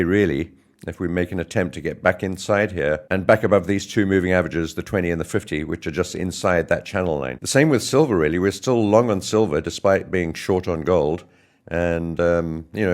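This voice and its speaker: A hoarse man hosting a casual trading market update, talking through his positions chart by chart. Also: sits low. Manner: chatty, self-correcting. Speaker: market analyst host.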